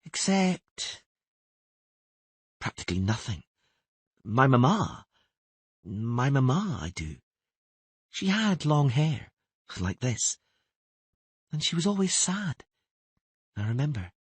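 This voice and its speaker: A man doing a quiet, reluctant young girl. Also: medium pitch, big pitch swings, slow pace, long pauses, husky, no echo, pitched above the performer's own voice, full character voice. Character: young girl princess, withdrawn and sad.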